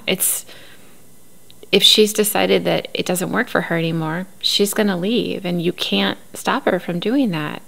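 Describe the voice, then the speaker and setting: A woman's voice: mid-range voice, gravelly, a bit bright. A woman recapping a reality show in casual, opinionated commentary, laughing often. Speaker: recap host.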